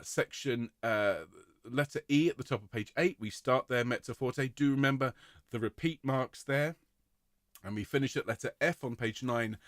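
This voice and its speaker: A man directing a choir rehearsal, giving clear, encouraging instructions and singing out rhythms to demonstrate them. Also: mid-range voice, a bit bright, dry recording, clean studio sound.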